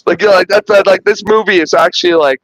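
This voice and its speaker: A man's voice: high-pitched, fast, a bit bright, no echo, rough recording. A man hosting a podcast, retelling film scenes in casual, rambling chat full of restarts and swearing. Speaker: podcast host reviewing a film.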